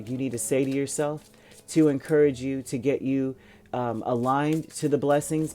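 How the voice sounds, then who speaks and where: A man with a mellow, dark-toned voice talks through a tarot reading in a loose, rambling way, reassuring his listeners and stopping to restart his sentences. Soft music plays faintly behind him. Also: mid-range voice. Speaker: tarot reader. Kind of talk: casual spoken tarot reading.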